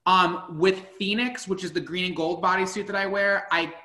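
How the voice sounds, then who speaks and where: A man in his late twenties, an outgoing cosplayer chatting excitedly as a guest in an interview. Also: high voice, moderate pace. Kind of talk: casual interview chat. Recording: echoey room.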